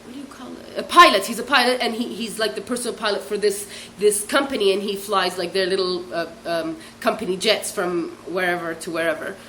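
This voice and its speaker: Young woman, vlogger, rambling storyteller, animated, some faint hiss. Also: mid-range voice, brisk, few pauses. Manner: chatty, animated, bursts into laughing shrieks; mimics other people's voices in quotes. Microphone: hairbrush held as a pretend mic, real mic unseen.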